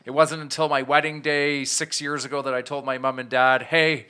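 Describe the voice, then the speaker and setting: Bright, clear-voiced man telling his story. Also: medium pitch, level tone, brisk. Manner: candid, self-reflective, with frequent restarts. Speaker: podcast guest. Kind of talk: storytelling in an interview.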